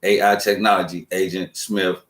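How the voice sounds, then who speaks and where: A man's voice: sits low, level tone, moderate pace, a bit bright. A man hosting a show, giving a streetwise, profane spiritual talk and acting out quoted voices. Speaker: show host. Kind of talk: casual spiritual monologue. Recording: roomy echo.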